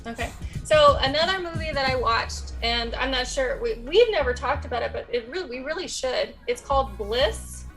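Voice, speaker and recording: A woman's voice: high voice, lively intonation, moderate pace, fairly bright tone, faint music behind. A woman on a panel, chatting casually and a bit hurriedly about her picks, with a laugh in her talk. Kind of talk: casual chat.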